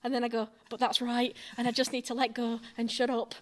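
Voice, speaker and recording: Yorkshire woman, musical director, lively chat, slightly high pitch. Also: a little fast. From Yorkshire, England. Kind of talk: casual podcast chat.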